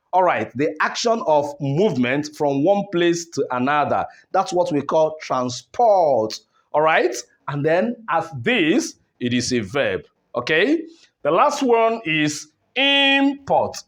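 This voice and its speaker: Male teacher, slow and lively-pitched, drills stress by repeating words. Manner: rhetorical questions, repeats words with stress contrasts. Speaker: English teacher. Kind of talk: classroom lesson on word stress.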